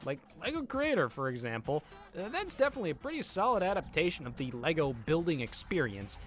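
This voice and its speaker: Deadpan man narrating a comedy video. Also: on the high side, fast, faint music behind. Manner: deadpan, sarcastic delivery. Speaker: video essayist.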